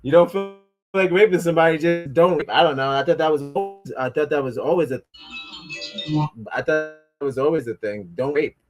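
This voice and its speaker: Over music, a livestreamer with a fairly high voice talks fairly quickly in casual commentary. He rambles and trips over words while reading aloud, tossing in mocking, sarcastic remarks.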